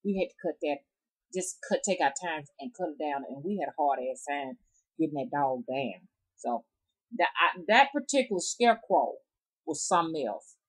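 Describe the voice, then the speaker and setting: In a low-quality recording, a Southern woman with a drawl spins folk tales for her viewers in a rambling, chatty storytelling vlog. Her voice sits low and is slightly rough, animated and at a normal pace. She's a rootworker storyteller from the Southern United States.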